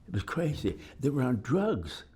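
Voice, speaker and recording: A man's voice: mid-range voice, sing-song, normal speed, mellow, slightly rough. An older man from Detroit, a war veteran telling his memories in an oral history interview, acting out voices and sounds as he goes. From Detroit, United States. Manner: vivid storytelling, acting out voices and gunshots.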